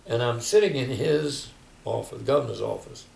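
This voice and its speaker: An older man tells stories in a reflective oral history interview, often quoting other people. His mid-range voice is gravelly and darkish at normal speed, recorded from a distance in an echoey room with faint background noise.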